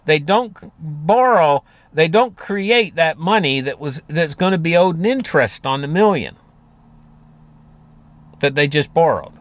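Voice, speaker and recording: Guy rambling about money, lots of "you know", bit high voice, dry sound. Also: animated, unhurried, no room sound. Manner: rambling, folksy, many fillers and restarts. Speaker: market commentator. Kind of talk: casual monologue on finance.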